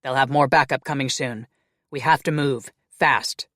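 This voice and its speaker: A man's voice: mid-range voice, fairly even intonation, unhurried, bright, forceful tone, no room sound, studio quality. A man voicing a wounded male vampire warrior in an audiobook, giving terse, urgent orders.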